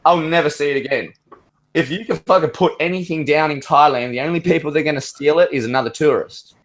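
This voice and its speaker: A man's voice: a little high, fast. Rambling, swearing man. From Australia. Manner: rambling, profane storytelling. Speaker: caller. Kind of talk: casual open-mic chat.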